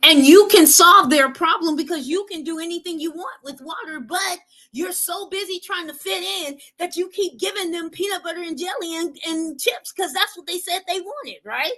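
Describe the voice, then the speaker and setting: A woman's voice: extremely high pitch, moderate pace, fairly bright tone, poor audio. A woman giving an earnest motivational talk, repeating her points and often checking in with "right?". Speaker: motivational speaker.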